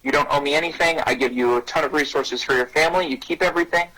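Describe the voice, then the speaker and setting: A man giving an energetic parenting talk on bullying who acts out short dialogues in a raised voice. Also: fast talker, rough recording. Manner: energetic, acts out little dialogues with rising pitch. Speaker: anti-bullying speaker and parenting coach.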